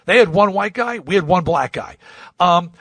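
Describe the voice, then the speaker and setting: A man's voice: animated, moderate pace, no echo. A man from Long Island, hosting a podcast, tells a rambling anecdote and acts out the people in it with big swings in voice. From Long Island, New York. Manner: acts out quoted voices with swings in pitch and loudness; rambling, with many restarts and asides. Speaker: podcast host. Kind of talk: animated anecdote storytelling.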